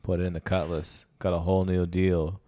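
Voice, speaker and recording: A man's voice: deep voice, flat delivery, brisk, dark tone. A man co-hosting a podcast in casual, joking chat. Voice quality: gravelly. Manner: joking, playful. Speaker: podcast co-host.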